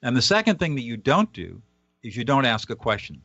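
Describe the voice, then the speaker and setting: A man's voice: medium pitch, big pitch swings, a little fast, bright, forceful tone, no echo, highs cut off. A man, a guest author on a radio interview, explaining a method earnestly and at times acting out example dialogue.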